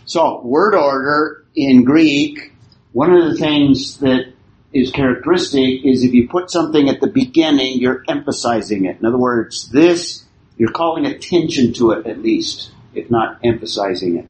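A man teaching a Bible class, explaining the text and putting questions to his students with halting restarts. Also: medium pitch, darkish tone, slight background noise, low-quality recording. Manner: slow and deliberate, with halting restarts.

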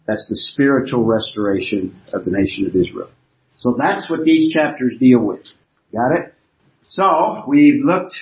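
A man teaching a Bible class, explaining points step by step from an outline on slides. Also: medium pitch. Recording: roomy, dull lo-fi classroom recording.

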